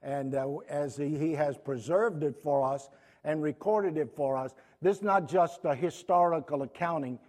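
A man preaching a sermon to his congregation, pausing often, restarting phrases and clearing his throat. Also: a little high, darkish tone. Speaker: pastor.

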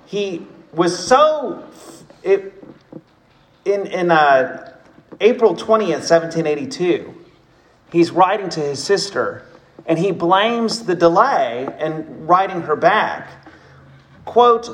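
A man preaching a sermon in a church, taking his time over each phrase. His voice sits fairly high for a man, and he acts out quotes with lively storytelling. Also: slow pace, pauses often, a little hiss or hum. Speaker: pastor. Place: church sanctuary.

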